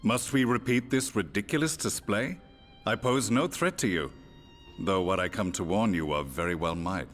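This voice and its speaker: An actor playing a stern older imperial warrior in a game cutscene, speaking in a formal, measured way. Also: male voice, fairly low pitch, faint music behind, natural voice.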